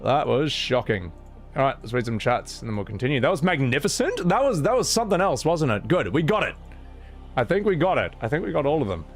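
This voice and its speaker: A man's voice: a little high, big pitch swings, quick pace, faint music behind. A man, casually chatting on a live stream and reacting with exclamations and stammering restarts.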